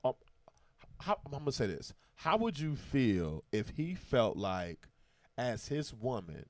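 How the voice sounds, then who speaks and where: A man's voice: mid-range voice, takes it slowly, no echo, clean studio sound. A man hosting a casual talk show, telling stories with emphatic, slang-filled delivery. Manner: animated, emphatic storytelling with slang. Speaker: podcast host. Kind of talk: casual chat.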